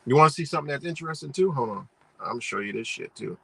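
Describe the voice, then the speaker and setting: Husky, sharp-toned man ranting on a live stream. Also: medium pitch, lively intonation, very fast, dry recording, poor audio. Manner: profane, rambling, slangy, heated; asks the viewer rhetorical questions. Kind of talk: casual live-stream rant.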